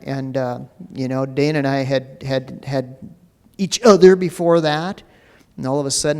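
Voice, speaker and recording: A man's voice: fairly high pitch, darkish tone, clear, resonant tone. A man preaching a sermon as pastor, talking in a loose, conversational way full of fillers. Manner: conversational preaching with many "you know" fillers. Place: church sanctuary. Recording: long reverb of a church hall.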